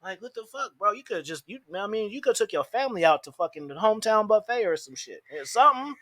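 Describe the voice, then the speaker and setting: Man, podcast host, high bright voice, dry studio sound, crude mocking banter. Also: quick pace, no echo. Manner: crude, animated, mocking, laughs often.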